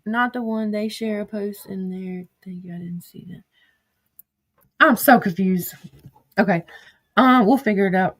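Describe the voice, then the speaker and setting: A woman's voice: medium pitch, a bit bright. Woman commentator, blunt and foul-mouthed, reads out text messages casually and breaks into sudden outbursts. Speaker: social media drama commentator.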